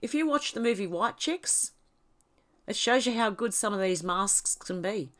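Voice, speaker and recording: A woman's voice: medium pitch, expressive, a little slow, fairly bright tone. A woman with an Australian accent hosting a casual livestream, reading out viewer comments and chatting in a rambling way, her nose stuffed up from a cold. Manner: chatty, rambling, laughs often.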